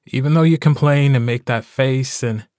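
A man's voice: mid-range voice, moderate pace, a little mellow, no echo, lightly acted. Male narrator as a fondly teasing young man; dry audiobook read.

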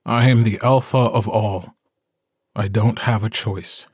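In an audiobook, a man voices a weary, stubborn young man who leads a wolf pack, speaking firmly. His voice is fairly low, husky and steady, a little slow, and recorded dry.

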